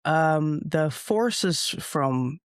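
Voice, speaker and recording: Rambling Dutch guest, slightly high voice. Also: male voice, expressive, very slow, clean tone, no echo, clean studio sound. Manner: rambling, many ums and uhs. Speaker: guest streamer. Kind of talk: casual video-call chat.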